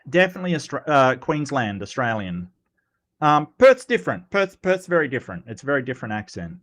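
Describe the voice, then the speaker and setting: A male livestream host in casual commentary, reading chat aloud, chatty and teasing, often repeating words and filling pauses. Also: medium pitch, very animated, fairly bright tone.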